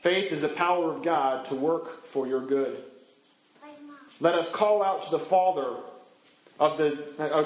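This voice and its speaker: High-voiced pastor preaching in an echoey room. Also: male voice. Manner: animated, acts out quoted voices with big pitch swings. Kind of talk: sermon.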